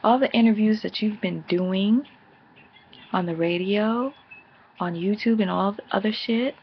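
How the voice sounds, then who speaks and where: A woman casually recapping a reality TV episode, blunt, sassy and profane, slipping into quick impressions of the cast. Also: medium pitch, dull audio, slight background noise. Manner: blunt, sassy, profane, mimics cast members in animated bursts. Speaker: TV episode reviewer.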